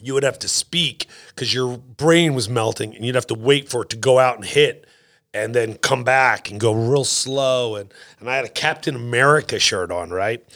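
A man's voice: mid-range voice, normal speed. A middle-aged man, a comedian, chatting casually on a podcast and telling war-zone show stories, acting out other people's voices. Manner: animated storyteller, acts out quoted voices. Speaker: comedian guest.

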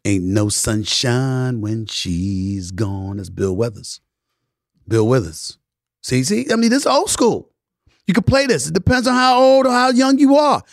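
Emphatic animated man hosting a podcast. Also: creaky, no echo, clean studio sound. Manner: emphatic, swings from loud preaching to low murmurs; sings snatches of old soul songs. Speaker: podcast host. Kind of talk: casual monologue.

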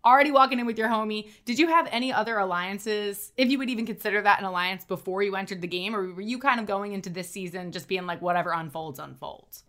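A woman's voice: mid-range voice, quick pace, hardly any pauses, fairly bright tone. A woman co-hosting a podcast, chatting casually and swearing freely as she asks a guest questions. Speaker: podcast co-host.

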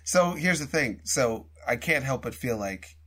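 A man's voice: medium pitch, lively intonation, a little slow, a bit bright, breathy edge. A man in casual comedy chat who keeps questioning the story with incredulous, laughing remarks.

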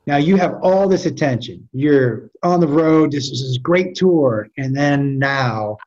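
A man's voice: medium pitch, lively intonation, unhurried, a little mellow, muffled recording. A man in casual conversation, telling stories animatedly with frequent restarts and stammers. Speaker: podcast guest. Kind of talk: storytelling in casual chat.

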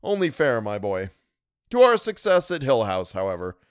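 A man's voice: medium pitch, wildly swooping pitch, normal speed, clean tone, no echo, clean studio sound. A man reading an audiobook, voicing a cheerful, fussy older male doctor in an effusive, hearty manner. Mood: jovial.

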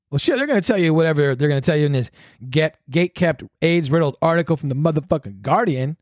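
Male solo podcast host, foul-mouthed sarcastic rant, fairly high voice, dry close sound. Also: animated, fairly quick, no room sound. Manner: profane, rambling, sarcastic. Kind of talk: solo ranting commentary.

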